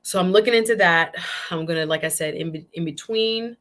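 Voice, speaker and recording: Woman, live-stream host, lowish voice, animated casual chat, repeats herself. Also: brisk. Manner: animated, chatty, repeats phrases. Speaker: show host.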